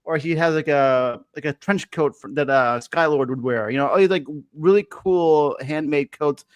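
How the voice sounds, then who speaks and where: A man with a fairly high voice tells a long story in casual talk. He rambles, restarts and fills gaps with "you know" and "like". The sound is dry and close. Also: moderate pace, clean tone, no room sound. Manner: rambling storyteller with many fillers and restarts, laughs often. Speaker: guest telling a story. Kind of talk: casual chat.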